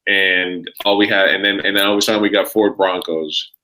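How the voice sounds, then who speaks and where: A man's voice: deep voice, steady tone, brisk, bright, forceful tone, low-quality recording. A man, telling a rambling, profane story as a podcast guest. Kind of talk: casual chat.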